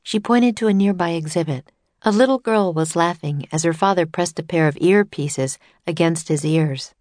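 A woman narrating a children's storybook in a clear storytelling manner. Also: fairly low pitch, moderate pace, a little mellow, dry recording. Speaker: audiobook narrator.

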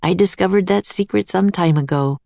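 A woman's voice: on the low side, normal speed, creaky, mellow, dry recording. A woman reading aloud, voicing a cheerful, gracious and rather boastful master artist in a storybook. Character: grand, cheerful man, an older artist genius.

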